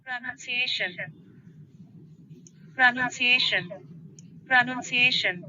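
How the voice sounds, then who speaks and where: A synthetic woman's voice reading single words one at a time in slow, clipped dictionary-style pronunciations. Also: medium pitch, pushed and bright. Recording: dull lo-fi playback with faint noise.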